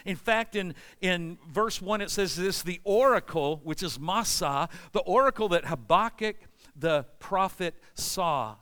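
Male pastor, middle-aged, preaching, clear and smooth voice, high and bright tone, anguished prayerful outbursts. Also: unhurried. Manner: animated preaching, voicing anguished prayers to God. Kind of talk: sermon.

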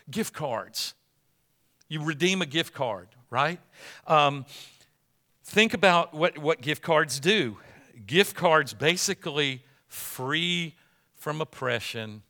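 A man's voice: on the high side, sharp tone. A middle-aged male pastor giving a sermon, moving between folksy everyday stories and emphatic, repeated declarations. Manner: folksy storytelling, swelling to emphatic preaching.

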